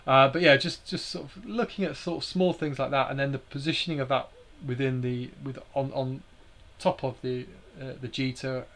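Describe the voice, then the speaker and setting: A man's voice: mid-range voice, steady tone, normal speed, few pauses, fairly bright tone. A man hosting a live stream, explaining slides in a hesitant way with many fillers and restarts.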